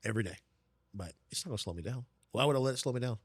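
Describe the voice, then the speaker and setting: A man, a pastor, speaking earnestly and reflectively as a guest in an interview, with many pauses and fillers. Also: medium pitch, lively intonation, breathy edge, no echo. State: lives with lasting pain. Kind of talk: casual interview talk.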